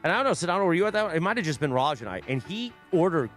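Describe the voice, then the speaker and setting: Lively male radio host, animated banter. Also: on the high side, racing, faint music behind. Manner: lively, joking, reads live ads. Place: radio studio.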